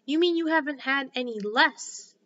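A woman voicing an eccentric, fussy male hatter in a slow, deliberate, mournful manner. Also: high voice, a bit bright. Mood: matter-of-fact. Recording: slightly dull lo-fi recording.

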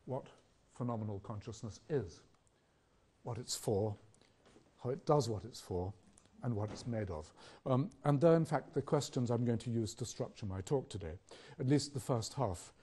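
An older man with a British accent giving an academic public lecture, measured and questioning, with rhetorical pauses. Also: mid-range voice, warm tone, breathy edge.

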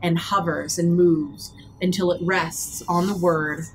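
A woman acting as game master, narrating a horror tabletop game with measured, vivid scene description. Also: lowish voice, fairly even intonation, background noise.

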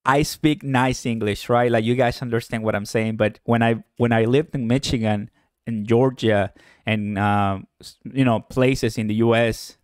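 A young Puerto Rican man with a Puerto Rican Spanish accent hosts a casual livestream, cheerfully reading out viewer comments. His mid-range, darkish voice is fairly even and moderately paced, with clean, echo-free studio quality.

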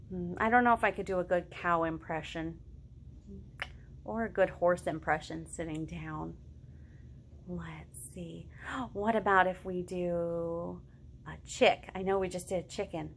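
A woman in her thirties runs a children's storytime, reading picture books aloud, singing farm songs and making animal noises. Her medium-pitched delivery is animated and sing-song.

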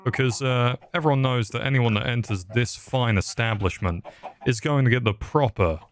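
A man's voice: mid-range voice, normal speed. A young man giving sarcastic, rambling commentary over a game, swearing often. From England. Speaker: gaming YouTuber. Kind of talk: casual gameplay commentary.

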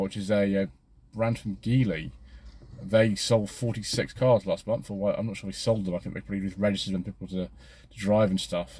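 Male vlogger, mellow low tone, halting and chatty. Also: breathy edge. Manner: hesitant, frequent ums while reading figures; chatty asides between statistics. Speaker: car reviewer. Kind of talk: casual vlog commentary.

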